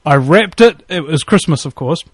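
A man's voice: a little high, expressive, normal speed, husky, no echo. A man chatting casually on a call, telling rambling stories, swearing and laughing at his own jokes. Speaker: podcast guest. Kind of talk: casual chat.

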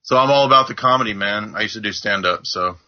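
Deep-voiced joking male guest. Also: quick pace. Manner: joking, playful. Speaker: guest comedian. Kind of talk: casual chat. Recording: dull lo-fi sound.

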